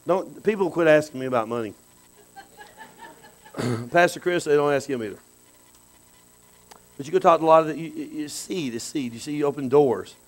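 High-voiced preacher, loose and lively. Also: male voice, normal speed, pauses often, rough recording. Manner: conversational preaching, swinging between low asides and shouted bursts. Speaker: pastor. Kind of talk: sermon.

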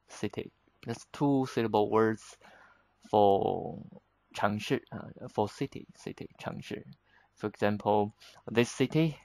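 Man, low gravelly voice, very slow patient explaining, dry close sound. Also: darkish tone, dry recording, rough recording. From China. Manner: unhurried, patient, slips between English and Chinese with frequent fillers. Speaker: Chinese teacher. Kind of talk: explaining vocabulary in a lesson.

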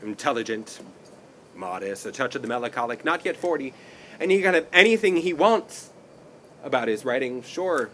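A man's voice: medium pitch, lively intonation, normal speed, sharp tone, slight background noise. A young man playing a brooding, bitter young playwright on an outdoor stage, speaking in an intense way. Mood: dismissive. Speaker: stage actor. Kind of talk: outdoor stage play performance.

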